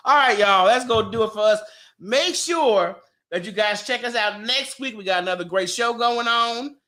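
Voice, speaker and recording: A woman hosting a podcast, trading raunchy banter with loud laughs and teasing. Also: on the high side, normal speed. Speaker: podcast host.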